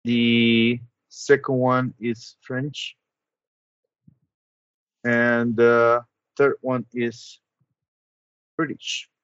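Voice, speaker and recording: Slow-talking guy running a tabletop game on a call, lots of ums, dull dry audio. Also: medium pitch, level tone, fairly bright tone, clear, resonant tone, no room sound. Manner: measured, hesitant, with frequent ums. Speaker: game master. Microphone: online voice call.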